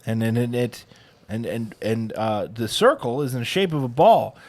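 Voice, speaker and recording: A man's voice: medium pitch, normal speed, darkish tone. A man in his thirties, a podcast co-host, telling funny family stories in a casual, sarcastic way and laughing often. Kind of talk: casual chat.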